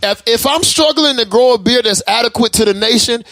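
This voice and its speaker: A man co-hosting a casual podcast chat, animated and joking, often breaking into laughter. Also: very high voice, fairly quick, no echo. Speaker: podcast co-host.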